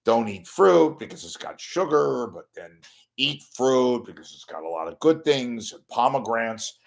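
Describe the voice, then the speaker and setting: A man's voice: medium pitch, vocal fry. An older man hosting a casual livestream monologue, rambling, losing his thread and cracking bawdy jokes. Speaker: host.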